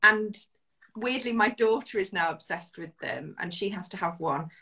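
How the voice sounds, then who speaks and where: A woman's voice: medium pitch, animated, moderate pace, pushed and bright. A middle-aged British woman, a guest in a casual beauty chat, enthusiastic and self-deprecating, laughing often.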